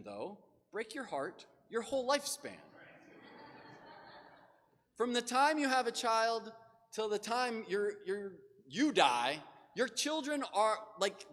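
A man's voice: on the high side, bright, forceful tone. A man preaching a sermon in a conversational, casual way, with loose asides and filler words. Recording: long hall reverb.

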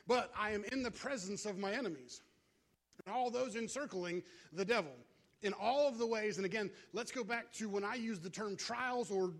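Man, pastor, high voice, relaxed conversational sermon, call-and-response.

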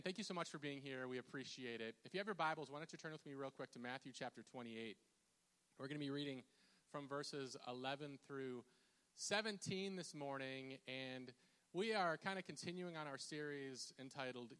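Male pastor, mid-pitched, casual chatty sermon delivery with fillers, recorded in a church with long reverb. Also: fairly bright tone, smooth. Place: church sanctuary.

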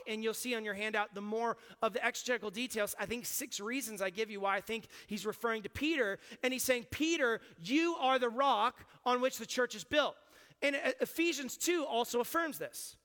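A male pastor delivers a sermon in a conversational, explaining manner, often checking in with his listeners. His voice sits very high and rings bright and sharp. It carries a long reverb tail from a church hall. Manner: conversational preaching, explains and asks the congregation. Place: church sanctuary.

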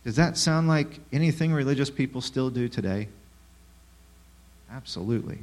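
A man with a mid-pitched voice preaches a sermon. He keeps asking the listeners questions and throws in sarcastic asides. His delivery swings between hushed and loud. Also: normal speed, pauses often. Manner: rhetorical questions, lively shifts in loudness.

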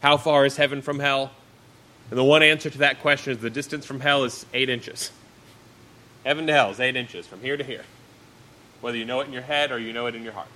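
A man's voice: medium pitch, fairly even intonation, a little fast, pauses often, sharp tone, rough recording. A man preaching a sermon, reading Bible verses aloud and then explaining them in plain, everyday words.

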